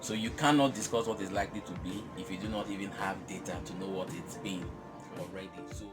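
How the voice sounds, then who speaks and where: Animated man talking business over music. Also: sits low, fast. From Nigeria. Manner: animated, emphatic, laughs often. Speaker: business guest. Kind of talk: casual chat.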